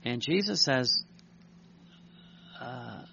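A man's voice: mid-range voice, lively intonation, gravelly, sharp tone, muffled recording, slight background noise. A male priest giving a sermon, reading a devotional text aloud and commenting on it in an earnest, repetitive way. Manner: earnest, repeats words, reads aloud slowly then tells stories.

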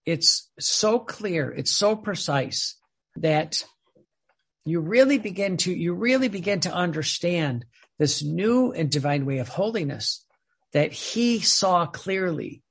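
A man's voice: high voice, expressive, takes it slowly, creaky, fairly bright tone, slightly rough. A man giving an earnest religious teaching, often repeating and restarting his words. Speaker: preacher.

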